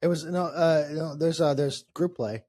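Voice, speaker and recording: A man co-hosting a casual sports podcast, talking in quick, rambling bursts and swearing casually. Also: a little high, fairly even intonation, mellow. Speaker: podcast co-host. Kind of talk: casual chat.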